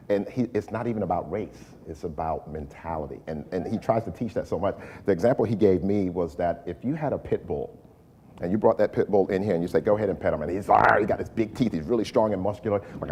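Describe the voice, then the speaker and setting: A man's voice: sits low, slight background noise. A man chatting as a guest on a talk show, telling stories and acting out what people said. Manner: storytelling, animated when acting out quotes. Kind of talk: casual talk-show chat.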